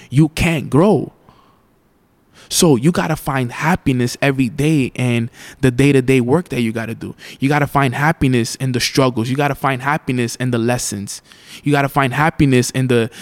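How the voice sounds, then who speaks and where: A man giving a motivational talk. He tells a story straight to the listener, fills it with "you know", and repeats his key lines slowly for emphasis. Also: medium pitch. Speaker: motivational speaker.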